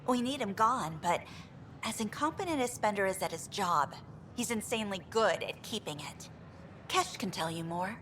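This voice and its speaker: A woman plays a worn-down engineer on a space station in a video game. She speaks frankly and wryly, with an ordinary mid-pitched voice. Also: animated, normal speed, a bit bright, slight background noise, close to an everyday voice. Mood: exasperated. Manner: exasperated, candid, wry. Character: frustrated female station engineer.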